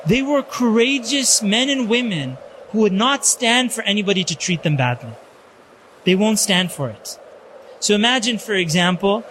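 A man giving a religious lecture, telling stories in an animated way and peppering his talk with Arabic religious phrases. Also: high-pitched, noisy background. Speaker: Islamic lecturer.

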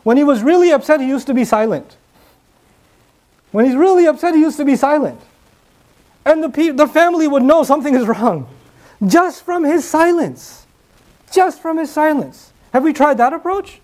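A man's voice: extremely high pitch, animated, brisk, long pauses, a little mellow. A man preaching a sermon, earnest, repeating key phrases and asking the listeners rhetorical questions.

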